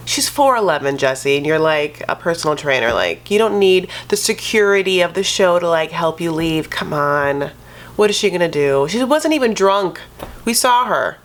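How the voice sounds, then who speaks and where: A woman's voice: lowish voice, fairly bright tone. A woman recapping reality television in a sassy, gossipy, casual commentary style. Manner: sassy, gossipy, says "honey" and "like" constantly.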